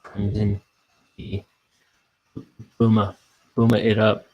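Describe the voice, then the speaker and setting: A man chats on a drawing stream in a rambling, self-mocking way. His voice is gravelly and husky. He speaks slowly and easily, talking about his comic as he works on it. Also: fairly low pitch, level tone, lo-fi sound. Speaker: cartoonist streaming his inking. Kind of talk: casual livestream chat.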